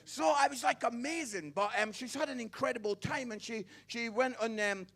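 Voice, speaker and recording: A middle-aged man, a pastor telling a personal story in a sermon, animated and chatty, often checking in with his listeners. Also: very high voice, normal speed.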